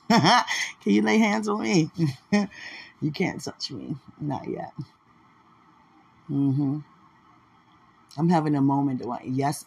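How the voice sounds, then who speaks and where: A woman's voice: sits low, vocal fry, husky. A woman in casual, rambling chat, playful and affectionate, laughing often and talking aloud to God.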